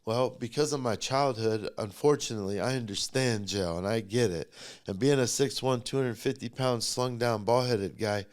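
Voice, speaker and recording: Middle-aged male guest, average pitch; blunt, profane, emotionally charged storyteller. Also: normal speed. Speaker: podcast guest. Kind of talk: personal storytelling in conversation.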